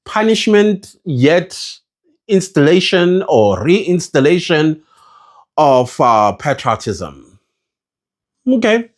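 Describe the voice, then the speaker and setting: South African man, vlogger, lively pitch, impassioned, rhetorical questions to viewers. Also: takes it slowly, pauses often. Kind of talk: casual opinion vlog to camera.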